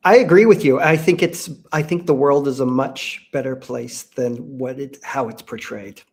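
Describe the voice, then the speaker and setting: A man's voice: mid-range voice, moderate pace, a little mellow. A man on a film-talk panel who worked as a production assistant, speaking in an agreeable way. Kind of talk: casual panel chat.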